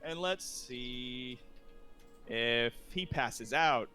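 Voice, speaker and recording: A man's voice: mid-range voice, drawn-out words, sharp tone, faint music behind. A man running a tabletop game as game master, narrating in rambling sentences full of fillers.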